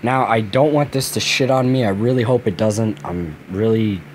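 A young man making a casual gaming vlog, swearing freely, his voice worn hoarse from screaming with joy. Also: lowish voice, normal speed, slight background noise. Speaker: gaming video maker. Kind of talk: excited casual vlog rant.

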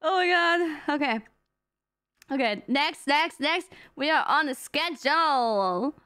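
Woman streamer, high bright voice, very lively, gushing, faint music behind. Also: takes it slowly. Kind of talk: casual livestream chat.

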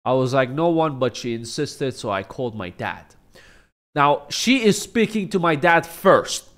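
A young man recounting a personal story for his vlog in a casual, laid-back way. He jokes, swears freely and pokes fun at himself, his voice at an ordinary middle pitch. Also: lively intonation, unhurried, a bit bright. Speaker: vlogger.

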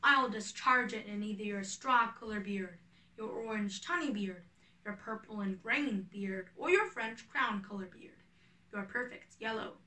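Woman reading bragging male weaver, showy amateur actor, bright voice, echoey room, distant from mic. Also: mid-range voice, unhurried. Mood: boastful. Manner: boastful and eager.

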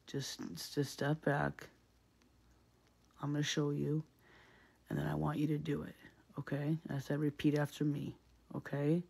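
A man's voice: a little high, creaky, mellow, husky. A man in a casual, reflective monologue, speaking earnestly and often repeating himself with many fillers.

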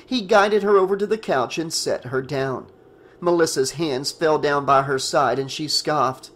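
A man's voice: a little high, measured pace, a bit bright. Man narrating a horror audiobook.

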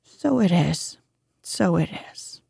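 A mild, cautious little male mole from a storybook, whispered role-play as a woman voices him. He speaks gently and soothingly, in a breathy hush that moves very slowly. The recording is close and dry. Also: mid-range voice, animated, no echo, full character voice. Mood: gentle.

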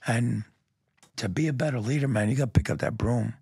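A man's voice: mid-range voice, a little fast, vocal fry, a little mellow, breathy edge, no room sound, studio quality. A middle-aged man, a police lieutenant guest, telling his story bluntly and emphatically, often saying "man" and "you know". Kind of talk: candid conversational storytelling.

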